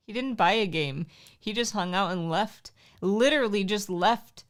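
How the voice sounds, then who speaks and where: A woman's voice: medium pitch, measured pace. A woman in her thirties co-hosting a livestream, chatting casually and defending herself with a laugh. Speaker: livestream co-host. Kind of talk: casual chat.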